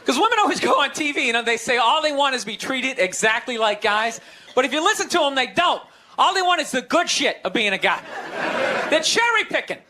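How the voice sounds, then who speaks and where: A man's voice: very animated, fairly quick, bright, forceful tone. A man doing a stand-up comedy routine, ranting in an exasperated way and breaking into mocking voices. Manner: ranting, exasperated, jumps into high mocking voices for quoted people. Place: comedy stage before a laughing audience. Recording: live stage mic with crowd laughter and noise.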